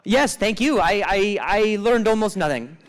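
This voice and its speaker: A man's voice: high-pitched, lively intonation, measured pace, a little hiss or hum, rough recording. Stammering male comic riffing on stage. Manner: riffing, playful, mock-exasperated, stammering restarts. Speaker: stand-up comedian. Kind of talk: live stand-up crowd work. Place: comedy club stage with live audience.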